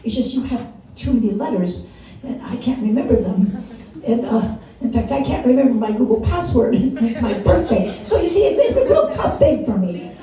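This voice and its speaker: A woman's voice: fairly high pitch, big pitch swings, moderate pace, dark tone. An older woman in her sixties doing a rambling, self-mocking stand-up set, laughing at her own jokes. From Wisconsin. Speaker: stand-up comedian. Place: small comedy venue. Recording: echoey room from a distance.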